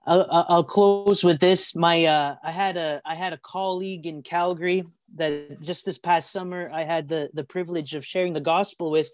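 A man's voice: a little high, moderate pace, hardly any pauses, no echo. A man delivers a sermon to listeners on a call, acting out voices as he tells stories. He stumbles and repeats words as he talks. The sound is dry and close. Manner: animated storytelling, acts out voices. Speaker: preacher.

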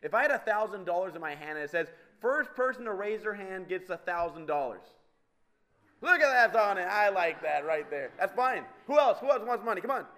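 A man preaching a sermon to a live audience, animated and teasing, swinging between loud and soft. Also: fairly quick. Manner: animated, wide swings in pitch and loudness, teasing the crowd.

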